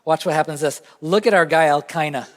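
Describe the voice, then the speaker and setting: A man's voice: on the high side, a little fast. A man with a Southern American accent preaching a sermon as pastor, conversational and earnest, leaning on emphatic repetition. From Southern United States. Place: church sanctuary. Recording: long church reverb.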